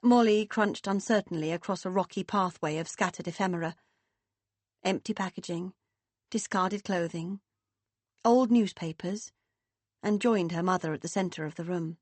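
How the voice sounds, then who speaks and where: A woman narrating an audiobook, reading in an expressive way and lifting her voice for the characters. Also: fairly low pitch, moderate pace, no echo. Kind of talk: scripted narration.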